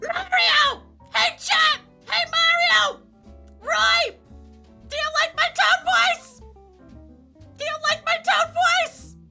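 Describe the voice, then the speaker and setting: Toad, shrill and squeaky. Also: female voice, fairly even intonation, slow pace, gravelly, pauses often, soft background music, exaggerated voice. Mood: shrill frantic. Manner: shrill, shouting, exaggerated. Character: squeaky excitable mushroom sidekick from a game.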